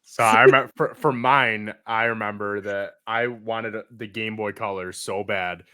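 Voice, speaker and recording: A man co-hosting a podcast in casual chat, telling animated stories and acting out what others said. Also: fairly low pitch, normal speed, clear, resonant tone, dry recording. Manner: animated storyteller, acts out voices. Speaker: podcast co-host.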